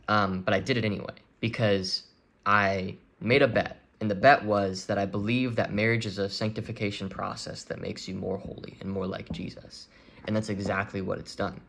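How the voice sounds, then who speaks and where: A young man with a low voice speaks openly to his audience about his life. He talks in an earnest, halting way, full of restarts and fillers. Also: fairly bright tone. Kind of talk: candid personal confession.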